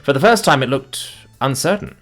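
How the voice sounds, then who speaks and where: A man narrating a comic fantasy story with wry, deadpan asides. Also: mid-range voice, normal speed, faint music behind.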